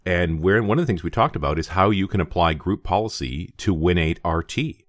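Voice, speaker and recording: A man's voice: low voice, fairly quick, no room sound, studio quality. A man co-hosting a tech podcast in casual chat, reading listener mail aloud. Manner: animated, reads listener email aloud. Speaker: co-host.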